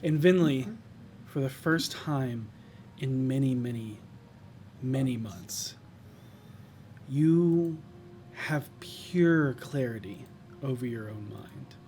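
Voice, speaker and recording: A man narrating a tabletop game as game master, describing scenes slowly and thoughtfully with pauses. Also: mid-range voice, darkish tone, slight background noise.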